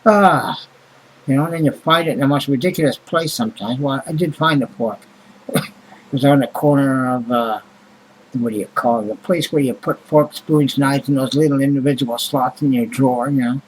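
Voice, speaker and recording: A man's voice: medium pitch, normal speed, slight background noise, low-quality recording. A man vlogging in a rambling, casual monologue, blunt and grumbling, with heavy swearing and many fillers.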